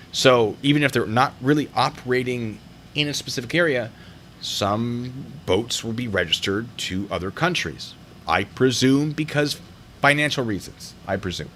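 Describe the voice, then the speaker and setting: A man's voice: fairly low pitch, fairly bright tone, slight background noise. A man hosting a video review show, talking casually and wandering into jokey tangents. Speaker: host reviewing traffic stop videos.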